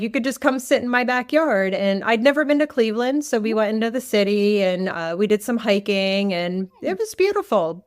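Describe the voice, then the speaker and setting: A woman's voice: mid-range voice, clean tone. A woman in her forties, a guest on a podcast, telling personal stories in a chatty, candid way and acting out quotes. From New Jersey. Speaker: guest, death doula and grief coach. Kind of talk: casual storytelling interview.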